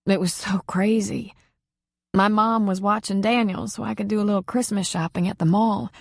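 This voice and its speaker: A woman's voice: steady tone, normal speed, gravelly, no room sound, clean studio sound. Woman voicing a tearful young widow. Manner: sniffling, shaky, high and breaking. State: crying.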